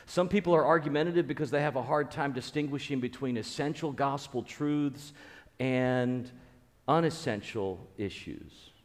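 A man's voice: medium pitch, moderate pace, long reverb tail. A man preaching a conversational sermon as a pastor, earnest, repeating key phrases and restarting his sentences.

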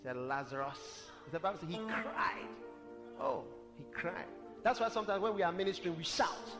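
Man preaching, very high voice, fervent repeated declarations, long hall reverb, music behind. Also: fairly quick. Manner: fervent, repetitive preaching that swells to shouted declarations. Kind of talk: sermon.

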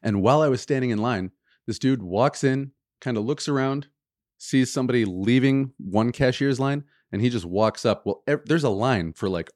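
A man hosting a podcast, telling anecdotes in a casual, animated way. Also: medium pitch, normal speed, no echo, studio quality. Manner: animated, acts out voices in anecdotes. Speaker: podcast host. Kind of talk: casual storytelling chat.

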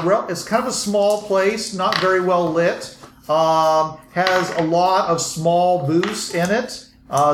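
A man running a tabletop game as game master, narrating with many pauses and fillers. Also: fairly high pitch. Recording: echoey room, background noise.

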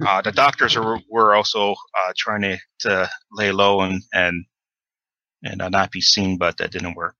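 A man's voice: sits low, flat delivery, a little slow, bright, forceful tone, no room sound, lo-fi sound. A man running a tabletop horror game as game master, talking with many fillers and restarts.

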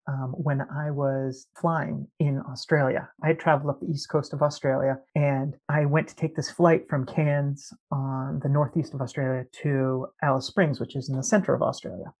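A man's voice: fairly high pitch, darkish tone, slightly rough. A man in casual conversation, telling travel and vaccination anecdotes and acting out the voices of people he quotes. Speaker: guest.

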